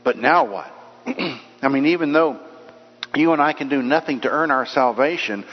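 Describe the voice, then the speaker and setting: Brief: male pastor, mid-pitched, chatty sermon delivery, muffled sound with long church reverb. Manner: conversational, storytelling preacher. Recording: dull echoey church hall recording.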